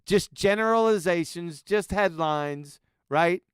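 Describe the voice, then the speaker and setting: A man's voice: high voice, slow pace, clear, resonant tone, dry recording, clean studio sound. A man hosting a live stream, mocking a clip with profane, sarcastic commentary. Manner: ranting, insulting, sarcastic. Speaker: live stream host reacting to clips.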